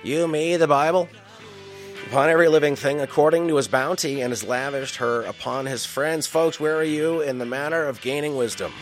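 A man's voice: on the high side, a little fast, music in the background. A man reading Bible passages aloud and breaking in with slangy, joking asides. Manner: wisecracking, slangy asides between scripture lines. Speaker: scripture reader and commentator.

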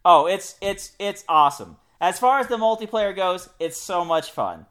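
A man co-hosting a casual podcast chat, enthusiastic and joking, often trailing off quietly at the ends of sentences. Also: sits high, lively intonation, normal speed. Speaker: podcast co-host.

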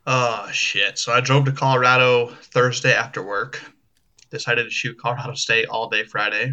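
Bright-voiced plain-spoken man. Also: medium pitch, fairly even intonation, normal speed, highs cut off. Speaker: podcast co-host. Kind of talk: casual chat.

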